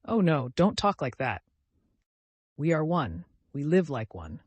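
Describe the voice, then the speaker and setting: A man's voice: a little high, sing-song, a little slow, slightly rough, no echo, full character voice. A man voicing a timid, devout young woman who speaks in an earnest, pleading, distressed way.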